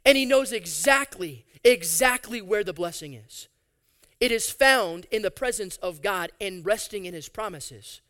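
A man preaching a sermon, reading scripture aloud and adding animated, sarcastic asides. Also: high voice, unhurried. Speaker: pastor.

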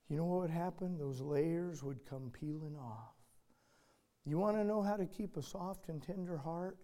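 An older man preaching a sermon as a pastor, telling a family story and swinging from emphatic loud lines to hushed ones. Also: high-pitched, animated, moderate pace.

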